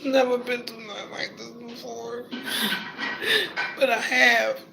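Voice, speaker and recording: High-voiced, slow-talking emotional man. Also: level tone, gravelly, pushed and bright, slight background noise, rough recording. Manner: tearful, heartfelt, casual slang. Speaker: vlogger. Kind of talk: emotional reaction vlog.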